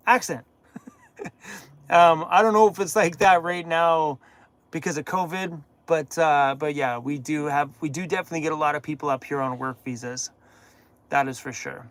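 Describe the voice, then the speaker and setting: A man hosting a live-stream Q&A from inside his camper van, jokey and animated, laughing at his own jokes. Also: a little high, no room sound. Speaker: van-life channel host.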